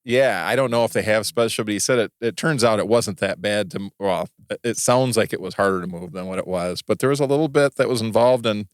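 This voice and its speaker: A man co-hosting a podcast in casual chat, telling stories in a rambling, halting way with many restarts. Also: on the low side, no room sound, studio quality. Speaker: podcast co-host.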